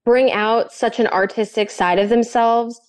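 A woman's voice: on the high side, fairly even intonation, a little slow. A young woman chatting casually and gushing, with lots of fillers and giggles. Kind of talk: casual chat.

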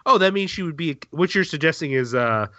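A sick man co-hosts a podcast at a middling pitch and trades in wry, sarcastic humor. His voice comes through a dull, muffled line with no room sound at all. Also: animated, fairly quick, pushed and bright, no echo. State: sick with a cold. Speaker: podcast co-host. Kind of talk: comedic podcast chat.

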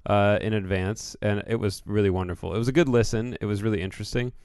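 Very deep-voiced chatty man. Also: steady tone, fast talker, a little mellow, smooth, no echo, clean studio sound. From Michigan. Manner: chatty, rambling storyteller with frequent restarts. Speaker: podcast co-host. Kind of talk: casual chat.

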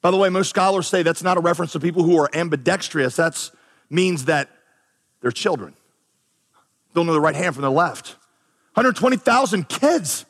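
A high-voiced man preaching to his church, lively and animated, jumping into quoted voices with big swings. His voice rings out through a large hall with a long reverb. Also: normal speed, long pauses. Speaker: pastor. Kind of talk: sermon.

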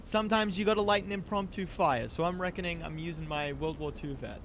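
A man playing a tabletop horror game, describing his character's actions in an animated, rambling way. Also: fairly high pitch, brisk, slight background noise. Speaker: player.

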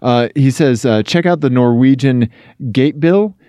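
Chatty man with a mellow voice. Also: medium pitch, unhurried, clean tone, no room sound. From Missouri. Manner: chatty, many fillers and restarts. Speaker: podcast co-host. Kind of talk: casual chat.

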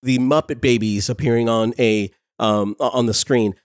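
A man in his forties talks through a casual review with quick, excited energy and frequent laughs. His voice sits at a middle pitch. The sound is dry and close, with no room echo. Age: 40s.

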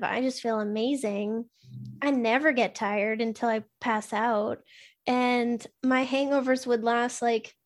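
A woman talking in a relaxed, explanatory way in a casual podcast conversation, with lots of "like". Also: fairly high pitch.

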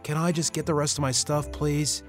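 A man's voice: a little high, little pitch movement, normal speed, soft background music, voice pushed up, natural voice. A man doing a meek, pleading drunk.

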